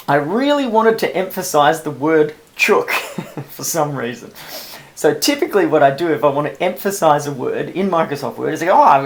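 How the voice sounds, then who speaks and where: A man, a publisher, talking new authors through a screen-recorded software tutorial in a relaxed, chatty and self-amused way. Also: a little high, creaky.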